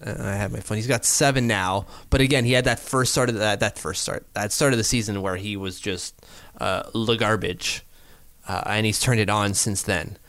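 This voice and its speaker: A man co-hosting a casual sports podcast, animated and quick to laugh, thinking out loud as he talks. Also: lowish voice, no room sound. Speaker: podcast co-host.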